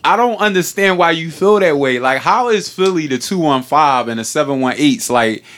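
A woman with a Philadelphia accent hosts a casual chat. Her voice is very low, but it swings widely in pitch. She jokes and jumps in with quick replies. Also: lively intonation. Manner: playful, laughing, quick interjections.

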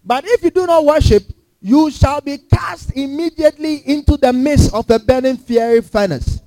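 A man's voice: very high voice, normal speed, warm tone, no echo, pitched above the performer's own voice, low-quality recording. A man preacher reading the lines of a proud, furious ancient king in a boastful, threatening way.

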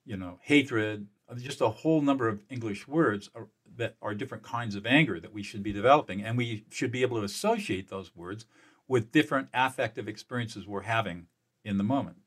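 Man, fairly low voice, mediator, interview guest, emphatic, energetic, stumbles and repeats words. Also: a little fast, breathy edge. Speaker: mediator and peacemaker. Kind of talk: explaining in an interview.

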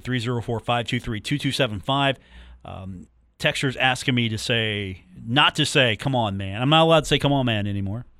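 A man hosts a sports radio show in a dry, close-miked studio. He talks casually and jokily, repeating phone numbers and pet phrases as he riffs with his listeners. His voice sits at a middle pitch. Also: bright, forceful tone, dry recording. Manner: chatty, joking, repeats phone numbers and catchphrases. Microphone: studio microphone.

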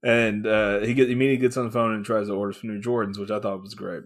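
A man with a lower voice and level tone talks fast as a podcast co-host. He casually covers a comic book, swearing and laughing often while acting out what the characters say.

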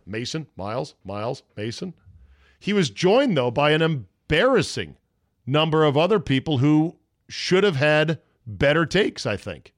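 A man's voice: on the high side, big pitch swings, measured pace, no echo, studio quality. A man hosting a solo sports podcast, blunt and profane, mocking the takes he quotes. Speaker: podcast host. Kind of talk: opinionated solo sports talk.

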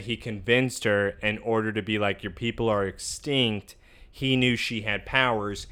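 A man's voice: on the low side, bright, forceful tone, clean tone. A man co-hosting a casual podcast, recapping a TV episode and insistently arguing his theories. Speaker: podcast co-host.

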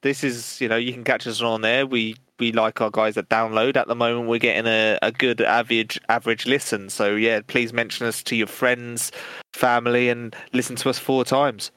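A man's voice: medium pitch, little pitch movement, normal speed, pushed and bright, dry recording. A man co-hosting a podcast, playful and laughing a lot in casual banter. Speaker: podcast co-host.

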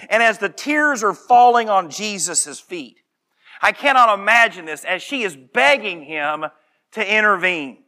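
A man preaching a sermon, reading scripture slowly and moving from calm explanation to impassioned shouting, then back to quiet, earnest appeal. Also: high-pitched. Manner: reads scripture aloud slowly.

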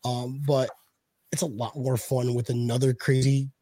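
A man's voice: medium pitch, level tone, moderate pace, mellow, dry recording. A man hosting a casual sports fan chat, joking and rambling with restarts. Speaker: podcast host.

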